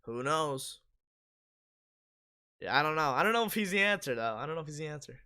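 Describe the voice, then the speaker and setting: Man, hoarse, casual live stream host, reads viewer comments, slightly high pitch. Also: lively intonation, fairly quick, sharp tone. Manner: casual, reads comments aloud and answers them. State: hoarse, losing his voice.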